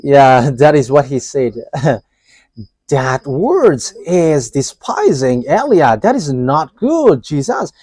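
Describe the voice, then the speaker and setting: A man delivers a live sermon in a halting, restart-filled way, chuckling often between thoughts. His voice sits a bit high but has a mellow, dark tone. The sound is dry and close, with no room echo. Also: very animated, husky. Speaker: preacher.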